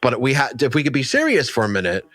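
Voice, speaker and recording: A man's voice: medium pitch, wildly swooping pitch, fast, sharp tone, no room sound. A man co-hosting a movie podcast, chatting casually with a dry, mock-serious manner. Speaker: podcast co-host.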